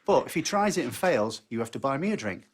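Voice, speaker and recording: A man's voice: medium pitch, very animated, fast, breathy edge. A man voicing a cheerful, scheming pub bartender, in a joke. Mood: wheedling.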